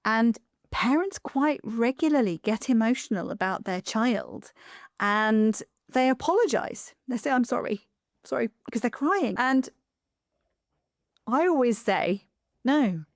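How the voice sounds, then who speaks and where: A woman hosting a podcast, talking in an emphatic, animated way with quick asides. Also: fairly high pitch, no echo, studio quality. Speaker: podcast host. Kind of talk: conversational podcast interview.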